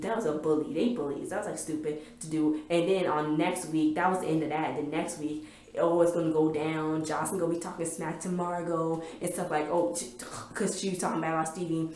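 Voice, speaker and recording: A woman giving a rambling, excitable casual recap of a TV episode, full of fillers. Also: low voice, reverberant. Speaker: TV recap vlogger.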